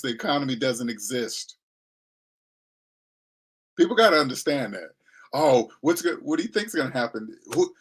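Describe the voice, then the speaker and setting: A man's voice: mid-range voice, a bit bright. A man giving a blunt, slangy money lecture in a casual monologue. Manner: blunt, lecturing, slangy, mocking voices he imitates. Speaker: finance commentator.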